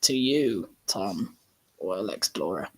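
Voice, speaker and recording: A man's voice: low voice, slightly rough. A man reading a garbled storybook aloud for laughs, chuckling at the odd wording. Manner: slow, lively reading with bursts of laughter. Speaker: YouTuber reading a comic mistranslation. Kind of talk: comedic storybook narration.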